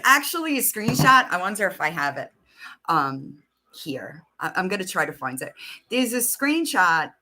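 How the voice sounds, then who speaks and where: A woman's voice: mid-range voice, pushed and bright. A woman hosting a casual livestream, chatting loosely and swearing while she reads out messages and searches her phone. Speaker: livestream host.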